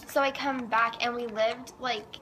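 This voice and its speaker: A woman's voice: on the high side, steady tone, a little slow, fairly bright tone. A teenage girl casually telling her own story, saying "like" a lot. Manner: chatty, says "like" a lot. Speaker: vlogger. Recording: faint background noise.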